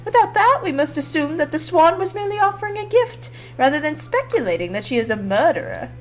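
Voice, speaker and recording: A woman's voice: sits high, very animated, fairly quick, soft background music. A woman voicing a haughty male bird prosecutor, reading game dialogue in a smug, formal, lecturing way.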